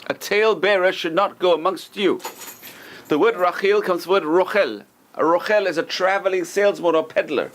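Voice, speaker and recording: A man's voice: high voice, fairly quick, fairly bright tone. A man teaching an informal Torah class as a rabbi, talking conversationally and acting out gossipy lines with joking asides.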